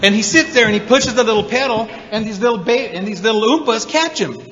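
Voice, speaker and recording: A man speaking at a recovery meeting, telling his story to an audience in an animated way, acting out the voices of the people in it. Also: high voice, fast, slight background noise. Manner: animated storyteller, acts out quotes, many repeated 'and's. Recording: dull recording in a hall with reverb.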